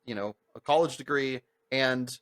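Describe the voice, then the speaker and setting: A young man telling stories on a podcast in a casual, animated way, with heavy swearing, lots of filler words and acted-out voices of the people in his stories. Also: medium pitch, moderate pace. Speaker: podcast co-host. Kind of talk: casual storytelling chat.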